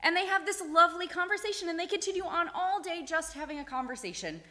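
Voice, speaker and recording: A woman telling a story to a group of children, animated and asking them questions along the way, in a synagogue sanctuary. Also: very high voice, quick pace. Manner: animated, asks the kids questions. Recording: echoey hall.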